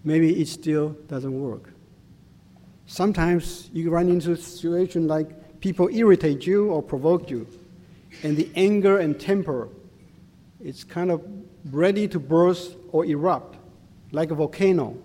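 Slow-speaking man preaching in a hall. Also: on the high side, mellow. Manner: slow, deliberate preaching in simple non-native English. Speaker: pastor. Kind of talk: sermon. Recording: long hall reverb.

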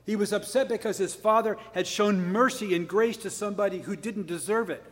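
Male preacher, high voice, earnest sermon, long echoing hall. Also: fairly quick. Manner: earnest and emphatic, with many restarts and rhetorical questions.

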